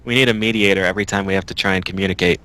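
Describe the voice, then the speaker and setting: A man with a bright, sharp voice and a fairly low pitch co-hosts a casual chat show. He trades dry, deadpan jokes. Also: rapid-fire, clean tone, rough recording. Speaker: podcast co-host.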